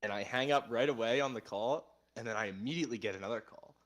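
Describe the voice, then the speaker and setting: A man's voice: mid-range voice, quick pace. A young adult man co-hosting a podcast, chatting casually and telling stories in an easygoing way. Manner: easygoing, relaxed storytelling with filler "like". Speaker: podcast co-host. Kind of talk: casual chat.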